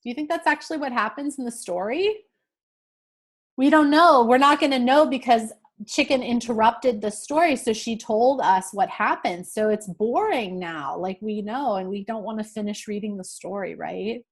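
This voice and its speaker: Reading a picture book to young learners, a teacher with a slightly high voice speaks slowly and clearly. She explains the words and keeps checking in with frequent "okay?".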